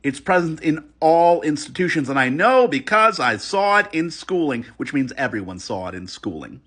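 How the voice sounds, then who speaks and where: A man giving a response commentary, animated and emphatic, critical and earnest, sometimes restarting his words. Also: a little high, moderate pace, husky. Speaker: video commentator.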